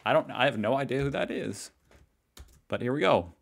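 A man's voice: mid-range voice, lively intonation, moderate pace, vocal fry. An American man hosting a reaction video, chatty and joking in casual commentary. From United States. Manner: chatty, joking, laughs often.

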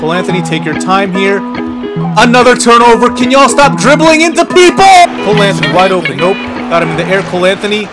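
Male gamer commentator, high voice, excitable and quick to rant, game music loud behind him. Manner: excitable, frustrated ranting at the game. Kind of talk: casual gameplay commentary. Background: game music and sound.

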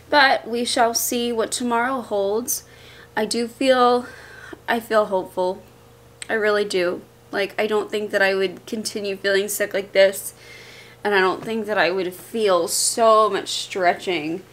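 Young woman vlogger, casual, rambling, candid, mid-pitched. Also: fairly bright tone. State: tired and queasy, out of breath. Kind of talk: casual chat to camera.

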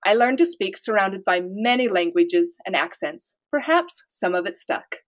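A woman's voice: mid-range voice, lively intonation, moderate pace. A woman from the United States, an author, chatting casually in an interview and telling stories with light laughter. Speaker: author guest.

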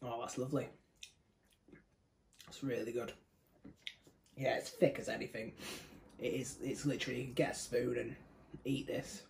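A man's voice: medium pitch, level tone, moderate pace, vocal fry, long pauses, a little mellow, a little hiss or hum, low-quality recording. A young man from the UK giving a casual, rambling beer tasting review, often correcting himself mid-sentence. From United Kingdom. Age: young adult. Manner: chatty, rambling, self-correcting.

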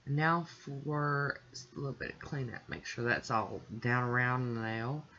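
A woman hosting her own nail art channel, narrating a tutorial in a chatty, relaxed way as she works step by step. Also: rumbling low, measured pace, muffled recording.

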